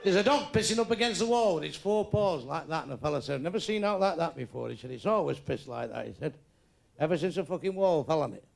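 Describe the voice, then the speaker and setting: A man's voice: fairly high pitch, expressive, fast, creaky, slight background noise. An older man telling crude stand-up jokes on stage, acting out voices with blunt punchlines. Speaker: stand-up comedian. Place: comedy club stage with audience.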